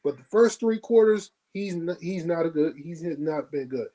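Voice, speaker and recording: A man co-hosting a football podcast, talking through stats and calling teams frauds. His voice runs slightly high, and he repeats himself with a dismissive edge. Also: expressive, normal speed, warm tone, low-quality recording. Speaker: podcast co-host. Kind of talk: casual sports podcast chat.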